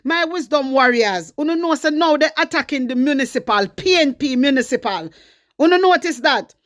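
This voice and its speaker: A Jamaican woman runs her political commentary vlog in an emphatic, driving way, hammering her points home by saying them again and again. Her voice sits high, and the recording is dry and close with no room sound. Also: animated, moderate pace, fairly bright tone, dry recording. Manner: emphatic, repeats phrases for stress. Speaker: political vlogger.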